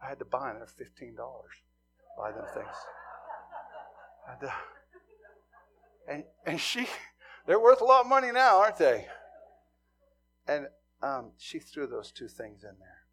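A middle-aged man from Montana preaching a sermon, telling stories with swings from hushed asides to loud emphasis. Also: medium pitch, sing-song, a little slow, creaky, pauses often, a little hiss or hum. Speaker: pastor.

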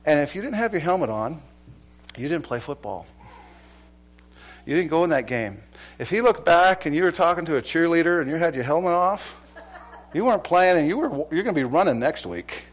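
A male preacher in middle age delivers his sermon with fervor, his voice sitting a bit higher than most men's. He builds to loud, pressing exhortations, then pulls back to quiet, earnest appeals to the congregation. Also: lively intonation, a little fast. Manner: impassioned, swings from loud exhortation to hushed appeals. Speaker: pastor.

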